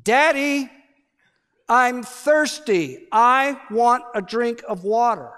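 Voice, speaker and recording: A stubborn little girl, as a male preacher puts her on in a sermon, whines for water in a high, slow, drawn-out plea. The sound carries a long echo from a big hall. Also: expressive, bright, forceful tone, full character voice. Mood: pleading.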